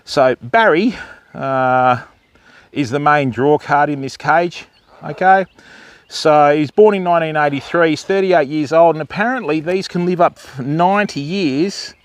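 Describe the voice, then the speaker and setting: A man's voice: on the high side, measured pace, no echo. An Australian man hosting a live stream outdoors at a wildlife park, chatting with viewers and talking up to the animals in a raised voice. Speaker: livestream host.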